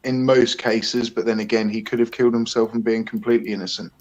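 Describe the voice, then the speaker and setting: A man's voice: medium pitch, level tone, quick pace, darkish tone. A man hosting a casual live stream, chatty and a little hesitant, greeting viewers by name. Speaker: livestream host.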